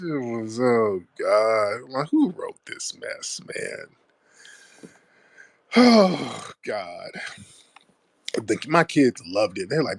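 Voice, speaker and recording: A man's voice: medium pitch, animated, slow, no echo. A man hosting a call-in talk show, laughing and cursing as he mocks what he talks about. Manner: laughing, profane, mocking. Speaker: show host.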